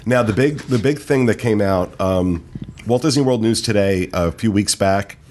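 A man hosting a casual podcast, reading out park news in a relaxed way with many fillers. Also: fairly low pitch, normal speed, slight background noise. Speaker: podcast host. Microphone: studio mic.

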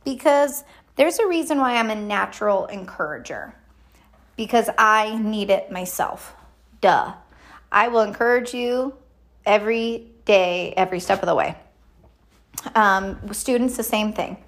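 A woman's voice: mid-range voice, unhurried. A middle-aged woman chatting in a rambling, casual monologue as a podcast host. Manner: chatty, rambling, animated quoted voices.

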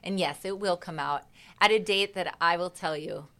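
A woman's voice: fairly low pitch, moderate pace, a bit bright. A woman, a singer, chatting as a guest in an interview and acting out her own reactions as she tells a story. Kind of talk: casual interview chat.

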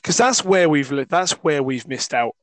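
A hoarse man, chatting like a mate on a podcast, sitting a touch high for a man. The sound is dry and close to the mic with no room at all. He talks loose and jokey. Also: animated, normal speed, no echo, rough recording. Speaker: podcast co-host. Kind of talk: casual chat about rugby.

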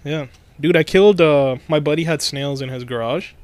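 With no echo in the recording, this young podcast co-host speaks at a normal speed in a voice on the high side. He chats casually, spinning animated stories and laughing frequently.

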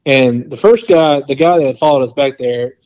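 Male podcast guest, mid-pitched, casual storyteller who rambles with lots of fillers, slightly muffled audio. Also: normal speed. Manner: rambling and animated, full of "like" and quoted asides.

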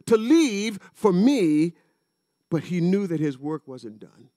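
High-voiced pastor preaching. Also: male voice, lively intonation, measured pace, dark tone, no room sound, clean studio sound. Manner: conversational storytelling that builds to emphatic peaks. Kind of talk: sermon.

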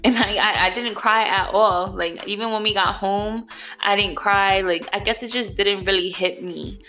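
A woman's voice: mid-range voice, steady tone, moderate pace, bright, forceful tone, faint music behind. A young woman casually telling her birth story, chatty and blunt, full of slang and "like".

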